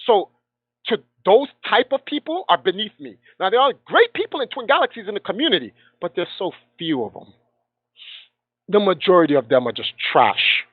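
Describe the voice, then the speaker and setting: A guest gamer, a man, tells a heated story with real passion and acts out the voices of the people he quotes. His voice sits high with big swings in pitch, a slightly rough texture, and a normal pace. He comes through a tinny phone line with no room sound.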